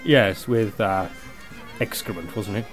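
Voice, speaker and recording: A man's voice: on the low side, unhurried, faint music behind. A man in a comedy sketch, speaking in a dry, weary, put-upon way. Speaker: actor character.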